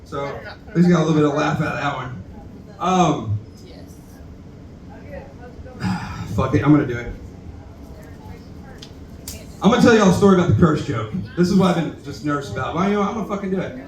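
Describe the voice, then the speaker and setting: Rambling, cussing comic with a drawl. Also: male voice, a little high, quick pace, long pauses, recorded from a distance. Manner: rambling, self-deprecating, profane, talks to the crowd. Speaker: stand-up comedian at open mic. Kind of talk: stand-up comedy set. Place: bar stage, roomy and echoey. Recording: echoey bar room recorded from afar.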